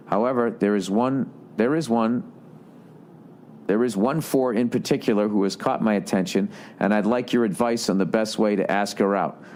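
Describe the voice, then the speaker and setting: A man with a low, somewhat dark voice hosts a casual podcast monologue. He rants with heavy swearing and sarcasm, and he reads listener letters aloud.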